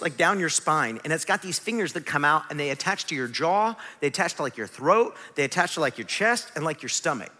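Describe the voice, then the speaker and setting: A pastor in his forties preaching a conversational sermon, asking rhetorical questions and swinging from hushed to emphatic. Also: a little high. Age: 40s. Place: church sanctuary. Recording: long reverb of a large hall.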